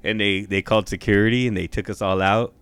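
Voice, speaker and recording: Slangy young man, smooth dry voice. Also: on the low side, quick pace, no echo. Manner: relaxed storyteller, slangy, says dude and dope. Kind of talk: casual chat.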